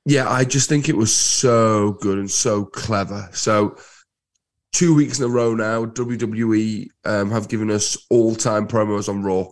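A man co-hosts a casual podcast chat, his mid-pitched voice husky and thick from a head cold. He talks enthusiastically and drives his points home by repeating them. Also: steady tone, a little slow. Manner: enthusiastic, emphatic repetitions. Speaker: podcast co-host.

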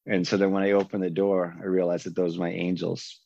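A man candidly recounting his own story, animated and acting out the lines of the people in it. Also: deep voice, brisk, creaky, no room sound, dull audio. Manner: animated, acts out other people's lines in a raised voice. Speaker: guest telling his recovery story.

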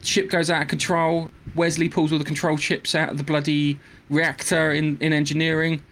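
A man's voice: fairly high pitch, little pitch movement, normal speed, fairly bright tone. A man co-hosting a podcast, ranting in casual chat with stammered restarts. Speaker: podcast co-host. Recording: faint background noise.

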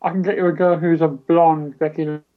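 Slightly high-voiced man, teasing banter. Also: level tone, fairly quick, narrow, tinny audio. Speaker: friend on a voice chat. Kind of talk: casual banter.

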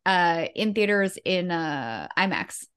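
A woman's voice: lowish voice, expressive, slow pace, fairly bright tone, clear, resonant tone. A woman co-hosting a podcast who chats casually and laughs often. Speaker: podcast co-host. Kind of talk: casual chat.

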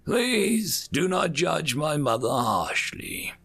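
A man voicing a composed alien noble who speaks gently and formally to his mother. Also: a little high, big pitch swings, slow pace, vocal fry, breathy edge, voice pushed up, full character voice. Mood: patient.

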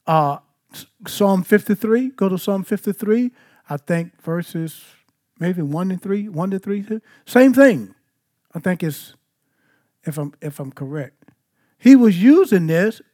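A man's voice: high-pitched, darkish tone. A man teaching a Bible study, asking the listeners questions and then answering them. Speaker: preacher.

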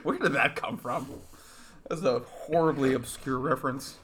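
A man's voice: mid-range voice, normal speed, a crowd in the background. A man co-hosting a casual podcast, joking with his friend and laughing often. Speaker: podcast co-host.

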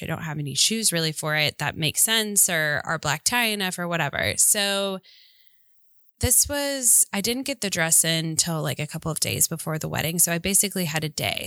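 A woman co-hosting a podcast in casual chat, talkative and quick to laugh, wandering off on tangents. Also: fairly low pitch, sharp tone, dry recording, studio quality. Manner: chatty, laughs easily, digresses. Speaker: podcast co-host.

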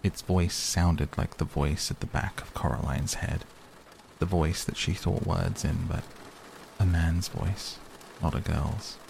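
A man narrating a storybook in a measured, even manner. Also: low voice, gravelly, a little hiss or hum. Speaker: audiobook narrator. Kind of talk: scripted narration.

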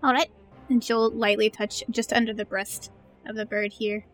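A woman's voice: on the high side, flat delivery, normal speed, soft background music. A woman player in a tabletop game, casually describing her character's actions.

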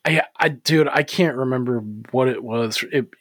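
A man's voice: mid-range voice, moderate pace, fairly bright tone, no echo. A man co-hosting a podcast in easygoing banter, his voice sitting in the middle range and recorded close and dry with no room sound. He swears freely and breaks into laughter often. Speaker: podcast co-host. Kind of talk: casual chat.

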